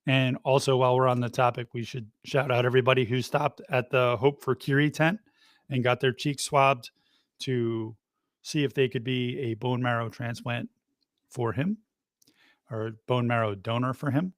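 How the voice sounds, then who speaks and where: A man co-hosting a live podcast, relaxed and chatty, giving shout-outs. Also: mid-range voice, moderate pace, dry recording, studio quality. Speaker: podcast co-host. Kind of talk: casual live podcast talk.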